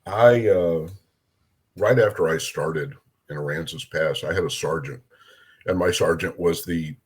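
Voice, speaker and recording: A man's voice: sits low, measured pace, slightly rough. A middle-aged man from Minnesota, a police officer, telling casual stories and acting out the voices of the people in them. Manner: animated, acts out voices in his anecdotes. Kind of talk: casual storytelling.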